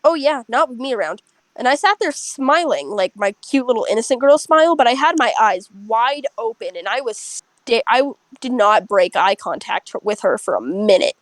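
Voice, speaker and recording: A young woman with a somewhat high voice tells a work story to friends in a blunt, swearing, animated way. Her voice sounds close and dry, with no room around it. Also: moderate pace, no room sound, low-quality recording. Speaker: restaurant server telling a story. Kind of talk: casual chat with friends.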